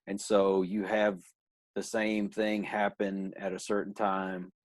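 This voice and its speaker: Male podcast host, lower voice, unhurried questions, dry recording. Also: flat delivery, dry recording. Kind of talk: casual interview talk.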